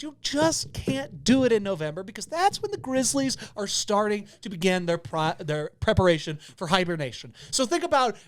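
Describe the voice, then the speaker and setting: A man co-hosting a comedy podcast, telling rambling comic stories that swing between loud bursts and quiet asides. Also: high voice, normal speed, hardly any pauses, dry recording. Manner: rambling animated storytelling, swings loud and soft. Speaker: podcast co-host.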